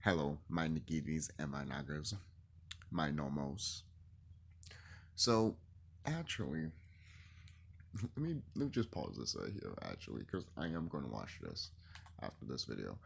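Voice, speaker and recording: A man rambling excitedly and cursing freely in a casual vlog monologue to his viewers. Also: extremely low pitch, measured pace, vocal fry, pauses often, husky. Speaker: YouTuber.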